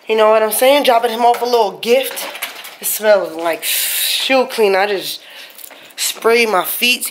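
A woman's voice: a little high, fairly bright tone, roomy sound, a little hiss or hum. A woman vlogger talking to her viewers in loose, slangy casual chat, cursing freely.

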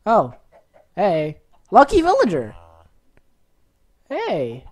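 Excitable woman narrating a game. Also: mid-range voice, drawn-out words. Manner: excitable, reacts loudly to game events. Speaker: gaming channel host. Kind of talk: let's-play commentary.

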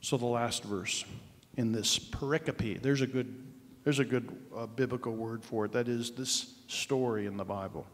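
A man preaching a sermon as pastor, telling the story conversationally, moving from sudden shouts to hushed asides. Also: mid-range voice, steady tone, normal speed. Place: church sanctuary. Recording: long church hall reverb.

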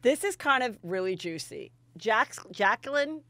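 A woman hosting a comedy podcast, chatting in a gossipy, animated way and telling stories with loud impressions. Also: a little high, a little slow, no room sound. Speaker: podcast host. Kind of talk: casual comedic chat.

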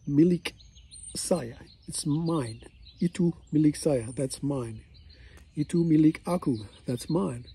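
A man's voice: a little high, warm tone, husky. A man chatting casually in a language-learning vlog outdoors, rambling with many fillers. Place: outdoors near a road.

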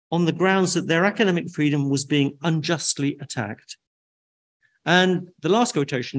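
An older man giving an academic lecture in a measured, deliberate way, with dry asides. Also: a little high. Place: lecture hall.

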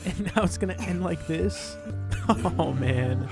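Guy yelling at his game, high voice, kinda slow between bursts, faint music behind. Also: vocal fry. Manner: excitable, shouts and swears at the game; laughs often. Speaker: gaming video creator. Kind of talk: excited gameplay commentary.

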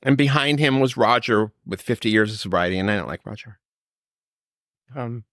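A man's voice: mid-range voice, fairly bright tone, no echo, clean studio sound. A man telling his personal recovery story, acting out the exchanges he quotes. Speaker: recovery speaker.

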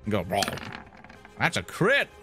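A man's voice: mid-range voice, animated, moderate pace, over music. A man playing a tabletop game, chatting playfully and riffing on jokes. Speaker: player. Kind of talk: casual tabletop game chat.

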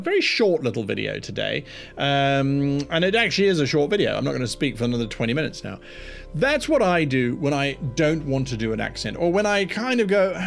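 Animated man giving game master tips. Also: medium pitch, gravelly. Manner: chatty, animated, rambling asides. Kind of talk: casual tutorial talk.

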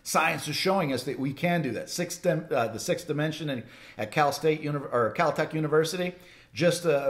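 A man teaching on scripture in a loose, conversational way, with frequent false starts and restarts. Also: fairly high pitch. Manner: rambling, many restarts, conversational. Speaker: Bible teacher. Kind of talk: informal sermon teaching.

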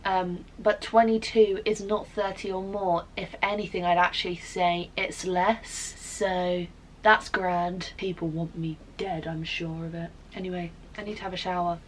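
A woman's voice: fairly low pitch, fairly even intonation, measured pace, fairly bright tone, a little hiss or hum, low-quality recording. Sweary young woman vlogging. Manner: dramatic, sweary, self-mocking rant. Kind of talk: casual vlog chat.

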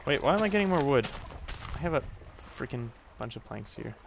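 A man's voice: medium pitch, very animated, fairly quick, vocal fry, heavy background noise. A man casually commenting on his own survival game, chatty and muttering to himself as he goes. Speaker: gamer playing a survival game. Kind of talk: casual let's-play commentary. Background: loud game music.

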